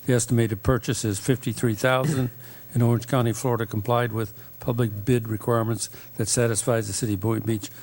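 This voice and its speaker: A man's voice: mid-range voice, little pitch movement, a little fast, a little mellow. A man chairing a city meeting, reading agenda items and calling votes in a formal, procedural way.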